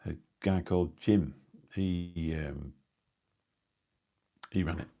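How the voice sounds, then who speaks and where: A man's voice: low-pitched, steady tone, takes it slowly, mellow. A middle-aged man hosting a live stream, chatting indoors at home in a rambling, anecdotal way with dry asides. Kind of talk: casual rambling chat. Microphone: new phone or mic on a live stream.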